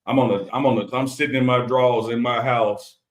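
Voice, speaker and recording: A man's voice: mid-range voice, steady tone, fairly quick, a little hiss or hum. A middle-aged man co-hosting a live stream from home, chatting casually about sports with laid-back, teasing banter. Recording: roomy home room sound.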